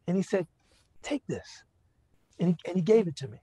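A man giving an Islamic lecture talks very fast and animatedly in a high, warm, husky voice with no echo. Emotionally moved, he tells a personal story conversationally, repeatedly asking the audience "right?" and "you know."

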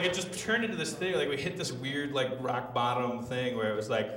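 A man's voice: mid-range voice, a little fast, hardly any pauses, far from the mic, background noise. A man hosting a live comedy podcast on stage, rambling and stammering, repeating words and laughing as he talks. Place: live theater stage before an audience. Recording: echoey room, miked from afar, loud crowd. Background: loud audience.

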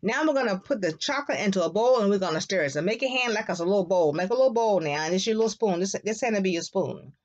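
A woman teaching a Spanish class to young children, repeating words slowly in a sing-song way for them to echo. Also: mid-range voice, expressive. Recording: dull lo-fi classroom recording.

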